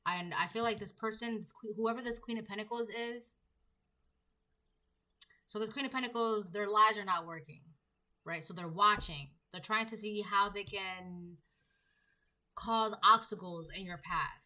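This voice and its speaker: A woman's voice: mid-range voice, a little slow, pauses often, pushed and bright, poor audio. A woman giving a collective tarot reading, talking emphatically and piling up repeated rhetorical questions. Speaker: tarot reader.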